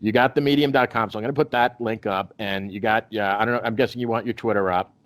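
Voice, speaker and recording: A man's voice: on the low side, steady tone, quick pace, a bit bright, no room sound. A man hosting a podcast in casual chat, rambling with many restarts and fillers. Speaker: podcast host.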